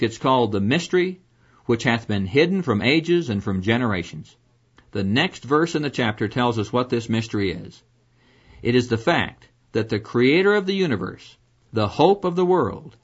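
A man's voice: medium pitch, fairly bright tone, slightly rough. A man delivering a scripted radio devotional as a Bible teacher, earnest and preacherly, asking rhetorical questions. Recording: dull lo-fi radio broadcast.

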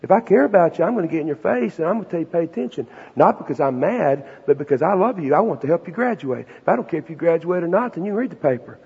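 A middle-aged man preaches in a high, husky voice, telling folksy stories with emphatic punchlines. His sermon rings with long reverb through a large hall, and the recording sounds dull and muffled. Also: lively intonation, racing, few pauses. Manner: folksy, emphatic storyteller who builds to loud punchlines. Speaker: preacher and Bible professor.

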